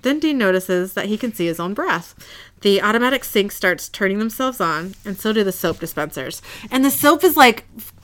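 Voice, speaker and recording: A woman's voice: medium pitch, animated, moderate pace, a bit bright. A woman co-hosting a casual podcast at home, retelling show scenes, reading lines plainly and laughing often. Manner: retells scenes, reads quotes in a plain voice, giggly. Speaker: podcast co-host recapping an episode. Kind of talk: casual chat and episode recap. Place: home room.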